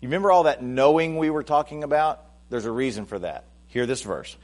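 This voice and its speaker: In his sermon, the male pastor addresses the congregation conversationally, circling back to restart phrases before surging to loud, emphatic peaks. His mid-range voice is expressive and runs slightly fast.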